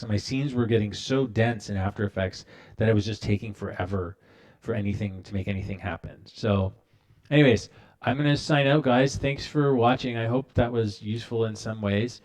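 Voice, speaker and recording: Low-voiced man rambling through a tutorial. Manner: relaxed, rambling, many fillers and restarts. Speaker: animator hosting a live stream. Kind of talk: casual live-stream tutorial.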